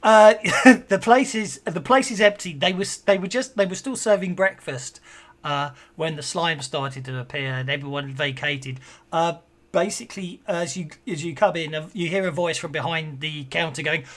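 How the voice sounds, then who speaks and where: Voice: mid-range voice, normal speed. Rambling GM, self-correcting narration. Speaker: game master. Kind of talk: narrating a tabletop game.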